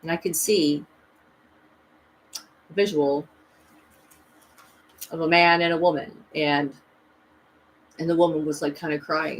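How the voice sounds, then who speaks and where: A woman's voice: deep voice, steady tone, unhurried, long pauses, a little hiss or hum, rough recording. Rambling woman telling a personal story. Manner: rambling, emphatic, with many restarts and quoted dialogue. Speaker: spiritual vlogger.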